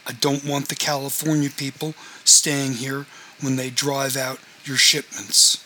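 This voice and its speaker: A man's voice: medium pitch, level tone, a little slow, pushed and bright, a little hiss or hum, low-quality recording. A man reading a novel aloud, voicing a confrontational man who lays down rules for his housemates in a firm, demanding way.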